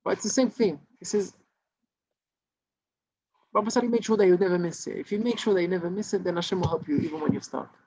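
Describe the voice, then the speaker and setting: A man's voice: high voice, fast talker, pauses often, darkish tone, breathy edge. A man, a rabbi, telling a story in an informal Torah class, with many restarts and Hebrew terms. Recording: dull lo-fi recording.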